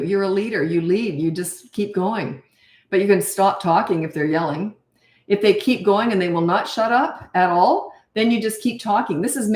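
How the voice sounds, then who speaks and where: An older woman coaching parents in a blunt, animated way, answering questions and acting out how to talk. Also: medium pitch, echoey room. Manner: blunt, animated, acts out parent and child voices.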